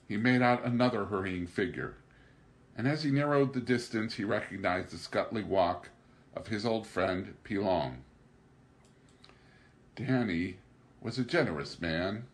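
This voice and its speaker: Male audiobook reader, low voice, animated delivery, steady narration. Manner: raises pitch and volume for dialogue, narrates evenly. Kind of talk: scripted narration.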